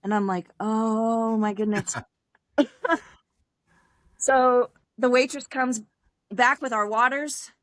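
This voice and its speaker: A young adult woman, a podcast guest, telling her personal story in a casual, animated way, acting out other people's lines with laughs and fillers along the way. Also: a little high, takes it slowly, pauses often, dry recording. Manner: animated, acts out quoted dialogue, frequent laughs and fillers.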